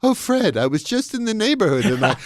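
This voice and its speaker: A bubbly, theatrical older woman entertainer sweeps in with a high, sing-song voice that is far above the speaker's own, as a man puts her on. She sounds gushing and showy. The voice is loud and bright. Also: very animated, fairly quick, no room sound, clean studio sound, natural voice.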